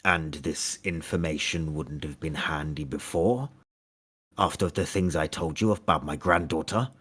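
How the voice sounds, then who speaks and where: A man's voice: very deep voice, unhurried, a bit bright, husky, exaggerated voice. A man playing a stern older male patron with a granddaughter, speaking in a cold, reproachful, clipped way during a tabletop role-play game.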